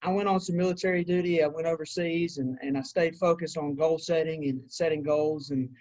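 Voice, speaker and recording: Earnest young man, slightly high voice. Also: fairly even intonation, a little fast, a little mellow, rough recording. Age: 20s. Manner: earnest, motivational, says "man" often. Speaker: guest. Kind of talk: casual interview chat.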